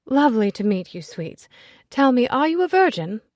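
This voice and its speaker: A woman's voice: on the high side, sing-song, moderate pace, darkish tone, dry recording, studio quality, pitched above the performer's own voice. Woman voicing a brash, bawdy aristocratic lady. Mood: teasing. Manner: bold, cheeky, exclamatory.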